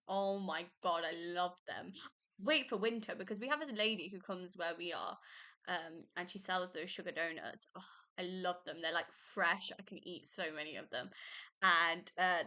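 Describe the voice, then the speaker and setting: Gushing bright-voiced young woman podcaster. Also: on the low side. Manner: gushing, emotional, laughs often. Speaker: podcast host. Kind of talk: casual book review chat.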